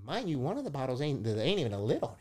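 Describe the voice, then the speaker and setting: A man's voice: medium pitch, very fast, a crowd in the background. Middle-aged guy on a podcast, motivational speaker, acts out all the dialogue, cusses a lot, voice jumps all over. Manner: animated storyteller who acts out dialogue, swears freely. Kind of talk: casual podcast chat.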